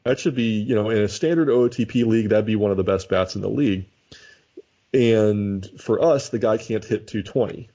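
On a dull, lo-fi recording, a man co-hosts a casual podcast chat about a baseball sim league. His voice sits on the low side with a dark tone at a normal pace, and he thinks aloud, frequently restarting his sentences.

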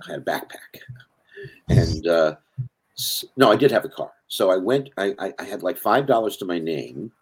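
The older man, a podcast guest, wanders through casual stories and keeps interrupting himself mid-thought. His voice is low and a little rough.

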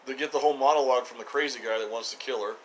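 A man co-hosting a podcast, recapping a TV episode in casual chat with dry, deadpan teasing. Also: mid-range voice, very fast, a little hiss or hum, low-quality recording. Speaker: podcast co-host.

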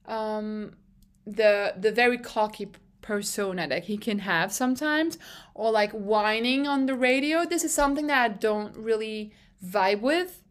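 Animated, opinionated young woman podcaster. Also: a little high, measured pace. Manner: animated, opinionated, swears freely. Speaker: podcast host. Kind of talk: casual solo podcast monologue.

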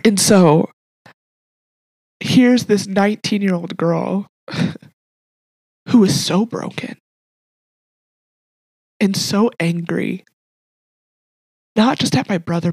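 A woman's voice: medium pitch, slow pace, gravelly, long pauses, a little mellow, slightly rough, no echo. A young adult woman hosting a podcast, telling an emotional personal faith story in an earnest, heartfelt way. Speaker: podcast host. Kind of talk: personal testimony.

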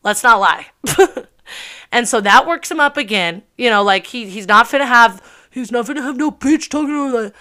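A woman in her early twenties telling a personal story in a casual, animated way, full of swearing and filler words. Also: a little high, normal speed. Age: early 20s.

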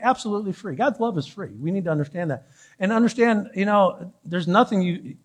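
A middle-aged man preaching a sermon as pastor in a church, chatty, with joking asides and frequent restarts. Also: a little high. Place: church sanctuary.

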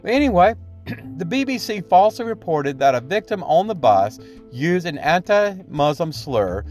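A man's voice: fairly high pitch, darkish tone. A man hosting a podcast, giving solo opinion commentary in a rambling, indignant way, often tagging his points with "okay?" and trailing off into fillers. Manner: frequent fillers and restarts, indignant. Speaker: podcast host.

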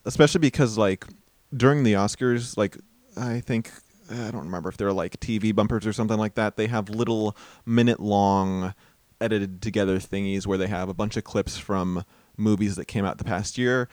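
A man co-hosting a podcast in casual chat, animated and hedging, laughing often. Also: on the low side, normal speed, no room sound. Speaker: podcast co-host.

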